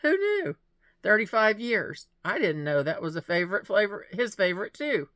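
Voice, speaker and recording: In a studio-quality recording with no room sound, a woman with a medium-pitched, slightly bright voice and big pitch swings speaks at a moderate pace. She's vlogging casually to camera, opening mail and gifts while gushing and laughing a lot.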